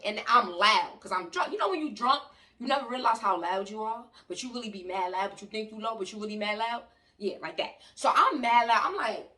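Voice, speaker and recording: A woman from New York with a New York accent, telling a story in an animated, loud and slangy way and talking to her viewers. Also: a little high, brisk. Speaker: vlogger. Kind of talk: storytime vlog. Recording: voice a bit distant from the mic.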